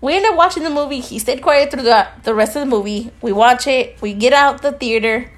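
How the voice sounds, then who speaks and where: A woman's voice: sits high, fairly quick. A woman co-hosting a podcast, telling a story in casual chat, acting out both sides of the conversation, swearing freely and dropping in Spanish phrases. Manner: drops Spanish phrases into her talk. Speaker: podcast co-host.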